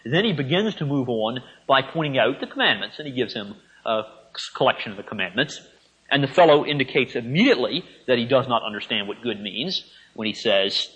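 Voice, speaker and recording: A man teaching a Bible lesson in a measured, thinking-aloud way, pausing often to gather his words. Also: mid-range voice, a bit bright. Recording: dull lo-fi recording.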